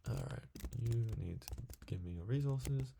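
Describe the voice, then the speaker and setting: A young man who makes gaming videos chats to himself as he plays, rambling casually from topic to topic. His medium-pitched voice is gravelly and animated, his pace measured, with background noise behind him.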